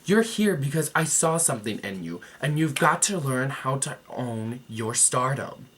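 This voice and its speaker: A man's voice: mid-range voice, very animated, measured pace, a bit bright, slight background noise. Brief: a man as a tough, no-nonsense drag judge laying down the law, firm and blunt. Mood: stern. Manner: firm, scolding.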